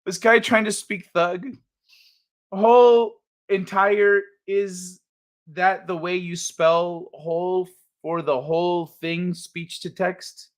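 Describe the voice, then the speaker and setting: A man hosting a live stream, chatting casually and reading viewer comments in a jokey, animated way, laughing often. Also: high voice, slow.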